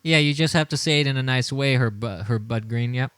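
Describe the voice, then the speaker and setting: A man's voice: mid-range voice, fairly quick, fairly bright tone, clean tone, dry recording. A man hosting a political livestream, talking with indignation, often repeating his words and chuckling as he reads the chat. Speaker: livestream show host.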